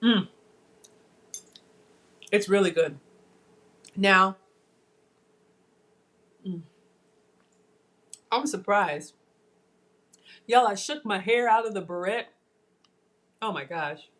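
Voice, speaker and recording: A woman's voice: mid-range voice, drawn-out words, long pauses, fairly bright tone. A woman chatting casually to viewers while tasting food on a live cooking stream. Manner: chatty, addresses viewers as y'all, savoring food. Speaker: cooking vlogger.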